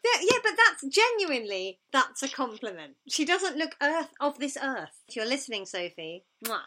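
A woman in her thirties chats on a podcast in a high, bright voice. She laughs easily and pokes fun at herself. Her pitch jumps around a lot as she talks. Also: sing-song, normal speed. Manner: giggly, self-deprecating. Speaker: podcast co-host. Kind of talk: casual chat.

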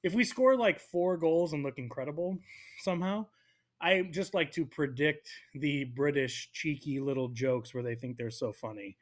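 Brief: young American man, podcast co-host, fairly high voice, animated jokey banter. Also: moderate pace. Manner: animated, joking, jumps between voices for bits. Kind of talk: casual sports chat.

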